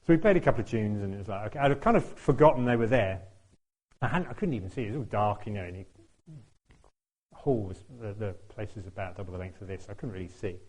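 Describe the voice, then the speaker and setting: A man's voice: fairly low pitch, quick pace, a little mellow. A man telling a chatty, self-deprecating story during a church talk, laughing often and acting out what people said. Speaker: church speaker. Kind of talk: anecdotal sermon storytelling.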